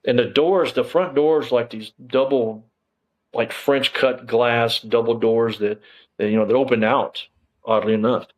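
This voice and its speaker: A man's voice: mid-range voice, fairly even intonation, unhurried, dull audio. A man, a former police officer telling his story in a casual interview, rambling with lots of fillers and frank swearing.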